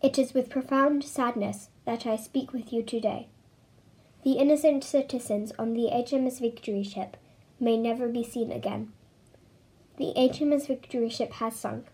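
A woman's voice: on the high side, steady tone, moderate pace, mellow, lightly acted, low-quality recording. A woman voicing a stern, well-spoken male radio announcer in a story reading. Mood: solemn. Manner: formal, strict.

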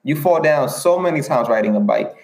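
Man, motivational livestream talk, gravelly, roomy echo, earnest and repetitive. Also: on the high side, lively intonation, brisk, a little mellow. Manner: earnest, repetitive, rhetorical questions. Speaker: motivational speaker.

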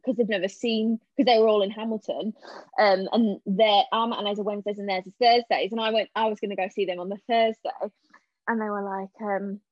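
A young woman chatting casually as a podcast guest, telling animated stories and acting out what people said. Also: mid-range voice, brisk, no room sound. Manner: animated storyteller, acting out quotes. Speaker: podcast guest, stage actress. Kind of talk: casual chat. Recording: dull lo-fi sound.

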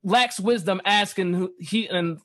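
Man, high-pitched, animated, casual Bible talk, reads verses slowly. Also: slight background noise. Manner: animated, reads scripture slowly, acts out dialogue. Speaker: podcast co-host teaching scripture.

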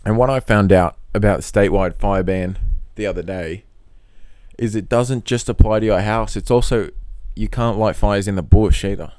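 A man talks loosely and at length on his own podcast, swearing freely and tossing in jokes. His voice sits on the low side. The recording is close and dry, with no room sound. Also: steady tone, normal speed, darkish tone, dry recording. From not from Australia. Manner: rambling, profane, joking. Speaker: podcast host. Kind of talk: casual solo monologue. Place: in Australia.

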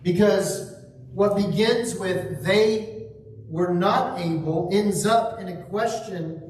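A man preaching a sermon slowly and reflectively, asking rhetorical questions. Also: sits high, a little mellow, a little hiss or hum. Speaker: pastor. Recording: echoey room, mic at a distance.

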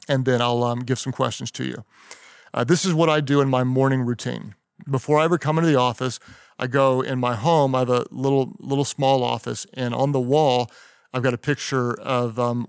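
Emphatic middle-aged male pastor teaching leaders, smooth resonant voice, close and dry. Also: medium pitch, no room sound. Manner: emphatic, punchy repetition, slows down to stress key lines. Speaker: pastor and leadership podcast host.

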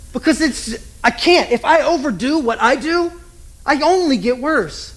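A man with a notably high voice delivers a sermon as a pastor. He talks in a loose, conversational way, cracks jokes and keeps putting rhetorical questions to his listeners. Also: a bit bright.

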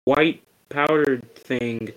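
A teenage boy hosting a casual podcast, his voice sitting at a middle pitch. He rants with heavy swearing and keeps stumbling into restarts. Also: drawn-out words, lo-fi sound. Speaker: podcast host.

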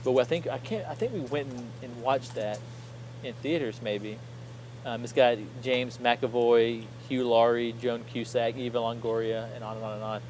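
A man's voice: medium pitch, steady tone, moderate pace, a little mellow, slight background noise, rough recording. Rambling man chatting about movies. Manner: rambling, self-correcting, upbeat. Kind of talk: casual chat.

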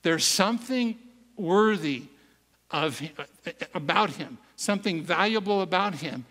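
A man's voice: high voice, lively intonation, a little slow, a bit bright, heavily acted. A man voicing a smug, skeptical male caregiver who asks mocking, probing questions, heard in an echoey hall. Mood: earnest, curious.

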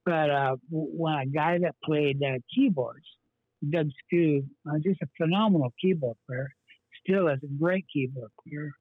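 Husky man with a tinny phone sound. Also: fairly high pitch, unhurried, no echo. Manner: rambling and earnest, many fillers and restarts. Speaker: pastor, guest. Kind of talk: telling his life story in an interview.

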